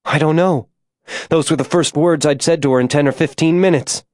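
Dude doing a scared young woman, higher voice, anxious and quick, audiobook. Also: a little mellow, no echo, studio quality, close to an everyday voice. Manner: anxious, urgent. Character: frightened young woman lost in a cave. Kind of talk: audiobook character voice.

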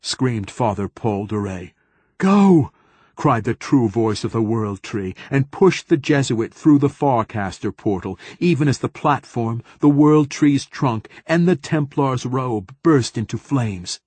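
A man giving measured, dramatic scripted narration of a science fiction audiobook. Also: medium pitch, a little mellow, slightly rough, no echo.

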